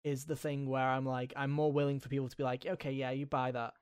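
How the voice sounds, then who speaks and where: A man hosting a casual gaming podcast, talking in an animated, jokey way and riffing with friends. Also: medium pitch, fast, clear, resonant tone. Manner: animated, jokey, mimics silly voices. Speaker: podcast host. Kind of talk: casual chat.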